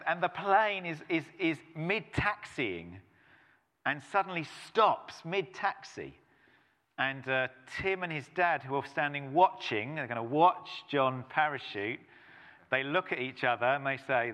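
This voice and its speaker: A middle-aged man, preaching a sermon as a pastor, telling stories with playful asides. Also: on the high side. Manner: animated storytelling with playful asides. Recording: long reverb of a church hall.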